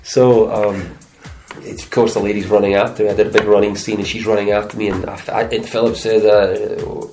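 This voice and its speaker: A middle-aged man with a Scottish accent and a gravelly, somewhat low voice. He relaxes into chatty interview stories and puts on voices for the people in them. Faint music sits under the talk. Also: fairly quick, low-quality recording. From Scotland. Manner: chatty, lively anecdotes with put-on voices. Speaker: actor and stuntman guest. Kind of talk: casual interview storytelling.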